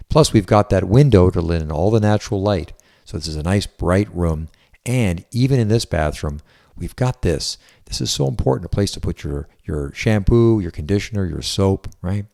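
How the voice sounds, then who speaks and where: A real estate agent living in Southwest Florida gives a keen, talkative walkthrough inside a house. He speaks in a low voice with a darkish tone and vocal fry.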